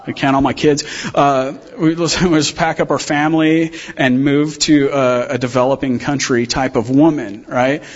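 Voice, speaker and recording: A man's voice: medium pitch, fairly even intonation, moderate pace, hardly any pauses, highs cut off. A man preaching a sermon as a missionary guest speaker, telling stories in a casual, humorous way with slang.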